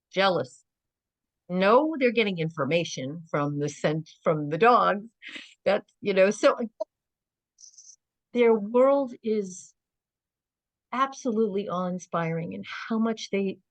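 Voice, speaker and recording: A middle-aged woman, a guest on an interview podcast, telling stories in an earnest, animated way and often saying "you know". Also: on the low side, no echo, rough recording.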